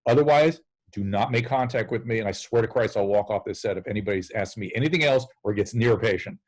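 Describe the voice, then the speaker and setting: A man's voice: fairly low pitch, quick pace, a little mellow, poor audio. A man who is a physician, talking candidly and bluntly in an interview over a video call and swearing for emphasis. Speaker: addiction medicine physician on a call-in show.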